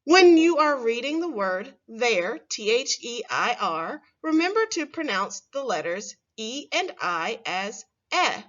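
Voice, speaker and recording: Slow sing-song woman teacher. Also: on the high side, very animated, a bit bright, dull audio. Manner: slow, clear and sing-song, stretching words for young children. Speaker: first grade teacher. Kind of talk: recorded phonics lesson.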